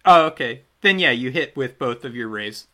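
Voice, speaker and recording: A man's voice: medium pitch, animated, normal speed, pushed and bright. A man running a tabletop game as game master, narrating the action in a loose, chatty way that often trails off and restarts.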